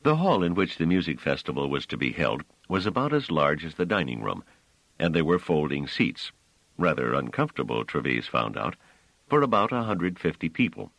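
A man narrates a novel in a very low voice. His telling is expressive, swinging widely in pitch. The recording is dry and close. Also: normal speed, creaky, no echo, rough recording. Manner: expressive storytelling. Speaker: audiobook narrator. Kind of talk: scripted narration.

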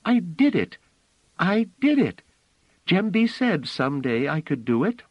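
Audiobook girl child, very high and shrill, breathless and eager, put on by a deep-voiced male narrator. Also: very animated, slow pace, slightly rough, no echo, muffled recording, heavily acted. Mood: excited. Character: excitable little girl with a shrill voice.

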